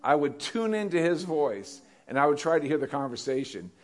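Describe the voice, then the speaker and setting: A man's voice: a little high, very animated, moderate pace. Man preaching a conversational sermon. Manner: conversational preaching with repeated questions to the congregation. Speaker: pastor.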